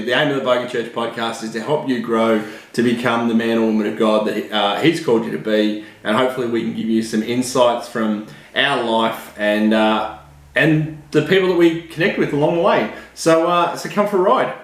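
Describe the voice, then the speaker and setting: A man's voice: medium pitch, brisk. Laid-back Australian man, roomy sound. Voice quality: laid-back, rambling with fillers. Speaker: vlogger and podcast host. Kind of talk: casual vlog chat. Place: indoor room. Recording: roomy echo.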